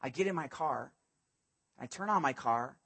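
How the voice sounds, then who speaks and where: Husky-voiced preacher acting out scripture. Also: male voice, medium pitch, moderate pace. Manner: animated, acts out biblical dialogue in casual modern speech. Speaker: pastor. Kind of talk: sermon.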